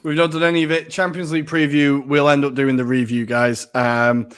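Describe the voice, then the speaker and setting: A man co-hosts a football podcast with lively, jokey banter. His voice sits a bit higher than most men's. He gets excited quickly and keeps the tone casual. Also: clean tone. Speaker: podcast co-host.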